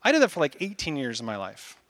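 A man in his thirties preaching a casual, animated sermon, acting out little asides as he goes. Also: fairly high pitch, fast talker. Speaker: pastor.

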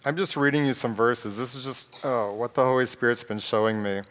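A pastor preaching a sermon in a conversational, joking way and reading scripture aloud. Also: male voice, medium pitch, fairly quick, fairly bright tone. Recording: long reverb of a large hall.

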